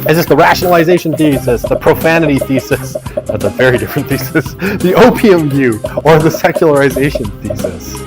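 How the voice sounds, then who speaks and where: With music in the background, a man leads a quiz for his university sociology class in a lecture classroom, reading questions and teasing students with jokes along the way. He sounds animated, his voice pitched on the high side and delivered a little fast.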